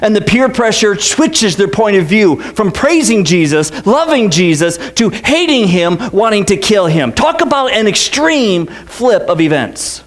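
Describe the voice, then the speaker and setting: A man's voice: sits high, sing-song, measured pace, few pauses. A man preaching a casual, joking sermon as pastor, with many asides and restarts. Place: church.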